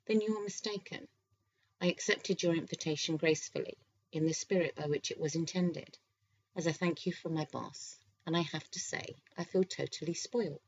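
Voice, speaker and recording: A woman's voice: on the low side, husky. Woman voicing a teasing young office worker. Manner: teasing, lively, quick retorts. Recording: slightly dull lo-fi recording.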